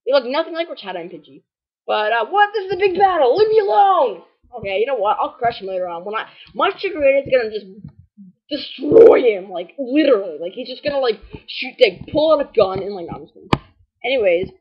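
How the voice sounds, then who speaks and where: A woman's voice: a little high, lively intonation, quick pace, breathy edge. A woman giving casual, rambling and playfully snarky commentary while playing a video game. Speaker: gamer recording a walkthrough. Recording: dull lo-fi recording.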